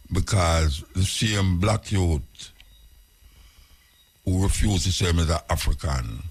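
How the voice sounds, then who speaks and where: Jamaican male radio host, low and raspy, urging and questioning. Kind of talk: radio talk monologue.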